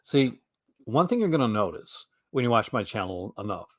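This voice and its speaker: Rambling Canadian man, slightly low voice. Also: big pitch swings, normal speed, no room sound, studio quality. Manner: rambling, stammering, with frequent restarts and laughs. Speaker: host. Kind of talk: casual livestream chat.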